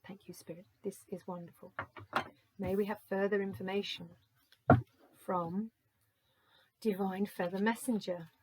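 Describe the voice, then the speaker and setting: A woman giving a gentle, musing oracle card reading, slowly reading out card texts and reflecting on them. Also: mid-range voice, fairly even intonation, noisy background.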